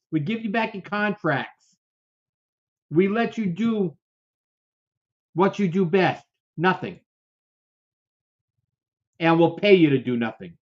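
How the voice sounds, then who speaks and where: Male co-host, fiery and repetitive, rhetorical questions, slow and emphatic, muffled lo-fi recording. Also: high-pitched, animated. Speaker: political commentary co-host. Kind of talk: heated political commentary. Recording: dull lo-fi sound.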